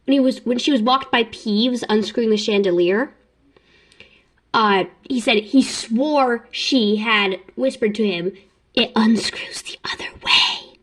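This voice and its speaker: A young woman vlogging casually, talking fast, rambling and interrupting herself with giggles. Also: a little high. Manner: giggly and chatty. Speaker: YouTube vlogger. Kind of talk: casual ranking vlog.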